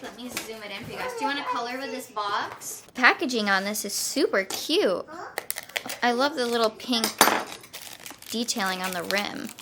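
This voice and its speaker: A young woman talks in a chatty, casual vlog style, leaning on "like" as a filler. Her voice sits a little high. She is recorded in a home kitchen with a lot of echo and clear background noise. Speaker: lifestyle vlogger. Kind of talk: casual vlog chat to camera.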